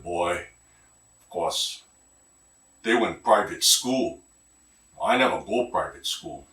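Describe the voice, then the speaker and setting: A man voicing a loud, joking, middle-aged local cousin who speaks Hawaiian Pidgin, rambles and mangles big words. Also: medium pitch. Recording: roomy sound, mic at a distance.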